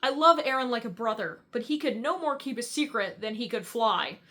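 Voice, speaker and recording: A woman voicing a calm, steady young male bodyguard in a casual, matter-of-fact way, close to her own voice. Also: on the high side, fairly quick. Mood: earnest.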